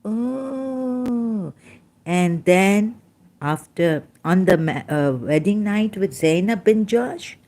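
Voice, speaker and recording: A woman talks through scripture in a casual solo commentary, her voice low and unhurried. She is openly emotional and rambling, often stopping mid-thought to correct herself. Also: a little mellow. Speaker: religion commentator.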